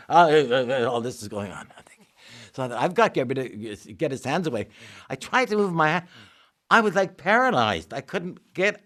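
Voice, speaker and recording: An older actor spinning anecdotes in an interview. His pitch swings widely as he acts out the voices in his stories. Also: very animated, a little fast.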